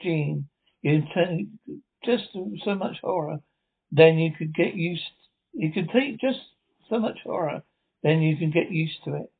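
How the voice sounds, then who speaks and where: A man's voice: fairly high pitch, unhurried, gravelly, breathy edge, heavily acted. A man reading the part of a lighthouse keeper as he recalls the rat siege, with plain delivery and frequent restarts. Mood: uneasy recollection. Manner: reads lines plainly with restarts. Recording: tinny phone-like sound.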